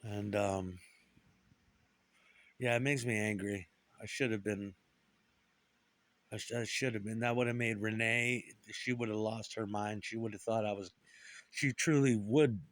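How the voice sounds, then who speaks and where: Middle-aged man, rambling profane monologue, low-ish voice, dry recording. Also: fairly even intonation, unhurried, long pauses, no room sound. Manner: profane, bitter, puts on voices for quoted people. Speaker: guitarist.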